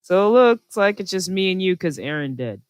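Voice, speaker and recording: A woman's voice: on the low side, big pitch swings, normal speed, clean tone, no room sound. Sarcastic Jersey woman podcast host, dry mic. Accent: New Jersey. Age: 20s. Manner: blunt, sarcastic, laughing at herself. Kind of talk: casual chat. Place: online voice chat from home.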